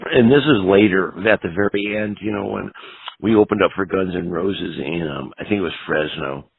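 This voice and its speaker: A punk guitarist in his 50s, appearing as an interview guest, tells rambling, profane stories packed with "you know." His deep, gravelly, husky voice moves at normal speed, captured dry and close with no echo but sounding tinny, like a phone.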